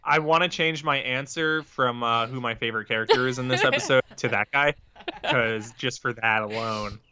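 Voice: mid-range voice, moderate pace, sharp tone. A podcast co-host chatting casually and making dry, humorous remarks. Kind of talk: casual chat.

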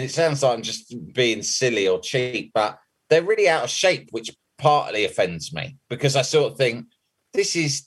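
A man co-hosting a football podcast tells an anecdote in casual chat, laughing as he goes and swearing freely. His voice is mid-range and a bit bright.

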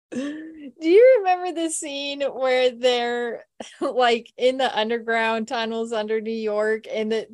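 A woman's voice: a little high, takes it slowly, darkish tone. A woman hosting a podcast, telling stories in a chatty, casual way with frequent laughs. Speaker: podcast host. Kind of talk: casual chat.

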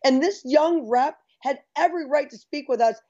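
A woman's voice: high-pitched, normal speed, warm tone, highs cut off. A woman speaking emphatically and with determination, calling for change on behalf of victims. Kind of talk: impassioned call to action.

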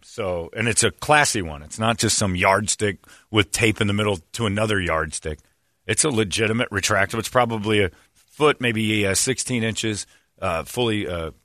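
A man's voice: on the low side, a bit bright, dry recording, clean studio sound. A man telling crude workplace stories in a joking, boisterous way, acting out the voices of the people in them. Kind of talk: crude comic storytelling.

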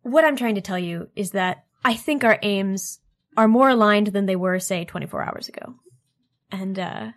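A woman's voice: mid-range voice, normal speed, lightly acted. A woman voicing a confident, wry woman offering an alliance.

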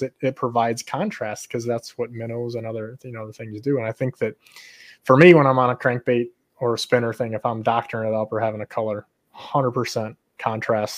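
Fishing guide guy talking shop, middle pitched voice, gets going and stumbles over his words. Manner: animated storyteller, repeats words when excited. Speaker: fishing charter captain, podcast host. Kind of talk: casual chat.

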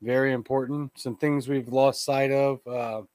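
A man's voice: mid-range voice, little pitch movement, measured pace, darkish tone, dry recording. A man hosting a live podcast, giving blunt, indignant commentary on a TV clip and talking straight to his listeners. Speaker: podcast host.

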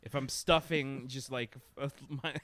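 A man's voice: mid-range voice, fairly even intonation, normal speed, a bit bright, no echo. A man co-hosting a podcast, bantering casually, joking, rambling and laughing often. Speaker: podcast co-host.

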